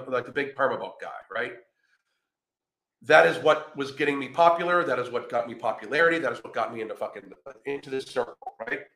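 Profane, combative man with a bright voice. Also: mid-range voice, roomy sound. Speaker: podcast host. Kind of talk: ranting reaction commentary.

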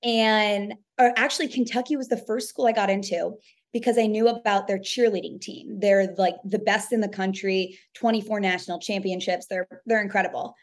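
A young woman from New York chats through her stories with lots of "like." Her voice sits in a middle pitch. She speaks as a guest in a casual podcast interview. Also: steady tone, moderate pace. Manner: chatty, storytelling with lots of "like". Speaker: radio producer and host.

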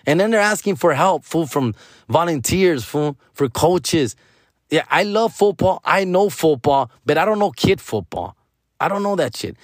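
A man's voice: fairly high pitch, animated, normal speed, no room sound, studio quality. A man, telling stories in a casual, profane way, tossing in "fool", "dog" and Spanish slang. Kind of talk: casual storytelling chat.

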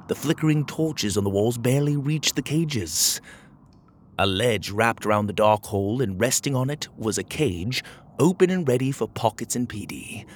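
A man reading a storybook aloud as narrator, in an expressive, animated way. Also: fairly low pitch, slight background noise.

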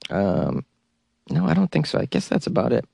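A man from the Boston area hosts his comedy news podcast at a middling pitch. He is sarcastic and chuckles at his own jokes. The sound is dry and close to the mic. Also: wildly swooping pitch, moderate pace, vocal fry, dark tone, breathy edge, no echo. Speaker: podcast host. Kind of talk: casual comedic monologue.

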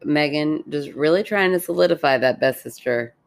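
Low-voiced woman podcaster, dry sound. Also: gravelly, dry recording. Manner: warm teasing, quick to laugh. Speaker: podcast co-host. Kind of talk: casual chat.

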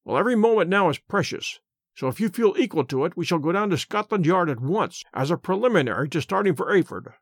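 A man voicing a calm, incisive Victorian male detective who speaks in a measured, dry, assured way. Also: high voice, husky, dry recording, exaggerated voice.

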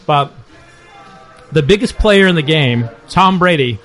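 A man's voice: on the high side, lively intonation, measured pace, fairly bright tone, faint music behind. A man hosting a food and drink podcast from a bar, talking in a loose, joking, rambling way. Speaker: podcast host. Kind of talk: casual chat.

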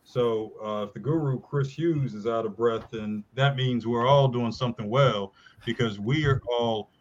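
A calm man co-hosting a sports show, giving playful thanks to the analyst. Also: mid-range voice, highs cut off. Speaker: co-host. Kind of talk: casual sports talk.

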